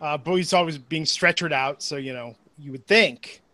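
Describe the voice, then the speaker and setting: Male co-host, higher pitch, halting casual delivery. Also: sharp tone. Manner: hesitant, many ums and uhs. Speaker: podcast co-host. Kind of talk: casual wrestling chat.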